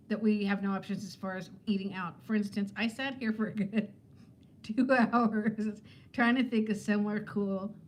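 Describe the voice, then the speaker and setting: A woman's voice: medium pitch, a little hiss or hum. A woman in her fifties who is a weight-loss vlogger, chatting casually with viewers on a livestream in a rambling way and laughing often. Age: 50s.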